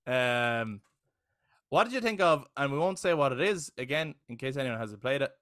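A man's voice: medium pitch, expressive, normal speed, fairly bright tone. Enthusiastic male podcast co-host. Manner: enthusiastic, swears casually, frequent "right?". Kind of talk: casual chat.

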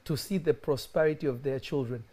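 A young man preaching as a pastor, animated and conversational, acting out other people's voices as he tells stories. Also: a little high, fairly quick. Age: young adult. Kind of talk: sermon.

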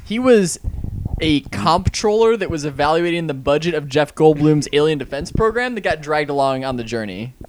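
A man co-hosting a podcast, talking quickly about movie details. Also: a little high, animated, a little hiss or hum. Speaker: podcast co-host. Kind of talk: casual movie-review chat.

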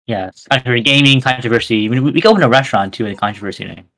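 A man's voice: mid-range voice, rapid-fire, fairly bright tone. A teenage boy co-hosting a school podcast in casual chat, rambling with many repeated restarts. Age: teens. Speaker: podcast co-host.

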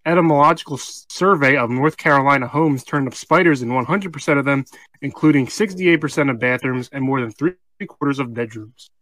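A man's voice: medium pitch, fairly quick, a bit bright. A man sharing trivia facts as a podcast co-host in casual chat.

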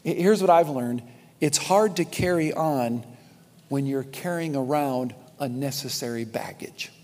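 A man's voice: mid-range voice, a little slow, a little mellow. A man preaching a sermon in a church, speaking emphatically, repeating key lines and addressing the congregation directly. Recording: long reverb of a large hall.

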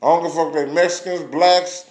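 A man rants bluntly and passionately, swearing freely as he records himself. His voice sits a little higher than most men's. The sound bounces around a reverberant room. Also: steady tone, quick pace, a little mellow. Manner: blunt, passionate, profanity-laden. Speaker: vlogger ranting on camera. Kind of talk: heated profane rant.

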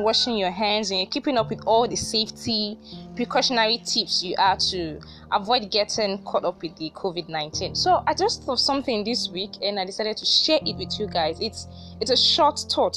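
A woman giving a casual, inspirational talk to a faith group, telling a story in an animated way and laughing often. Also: mid-range voice. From Nigeria. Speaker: vlogger addressing a faith group.

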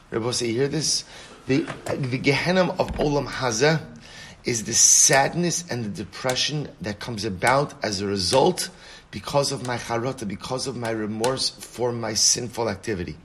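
A man giving a Torah study lesson, reading passages in Hebrew and explaining them in English with many questions and repeated words. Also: mid-range voice. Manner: restarts and repeats words when excited. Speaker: Torah teacher.

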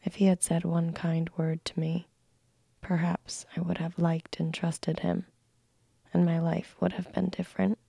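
A woman narrating a classic story in a soft, slow unvoiced whisper, a whispered role-play read close to the mic. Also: lowish voice, monotone, creaky, husky, dry recording.

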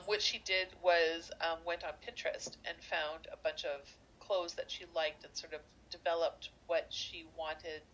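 A woman co-hosting a casual podcast, her voice a little lower than most. She laughs easily and fires off quick, teasing questions, with faint noise in the background. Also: fairly bright tone, rough recording. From Canada. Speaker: podcast co-host. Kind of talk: casual chat.

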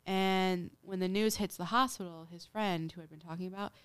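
A woman's voice: fairly low pitch, fairly even intonation, moderate pace, a bit bright, clear, resonant tone. A woman hosting a casual podcast, retelling a true-crime case in a chatty way with lots of "like" and acted-out quotes. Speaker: podcast host.

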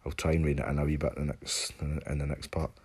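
A man's voice: a bass voice, little pitch movement, quick pace, darkish tone, husky. A Scottish man ranting in a casual monologue, sweary and sarcastic, mocking people with put-on voices.

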